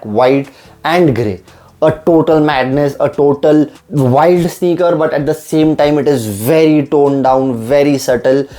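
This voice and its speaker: Speaking at a medium pitch in a mellow tone, a young man unboxes sneakers with real eagerness while reviewing them. His enthusiasm shows in how often he repeats "I just love."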